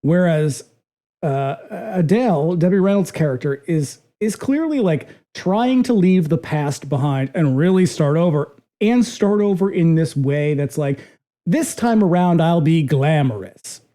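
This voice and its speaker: A podcast co-host talking casually about a film, animated and profane, acting out lines of dialogue. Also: mid-range voice, a little slow. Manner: animated, profane, acts out quotes.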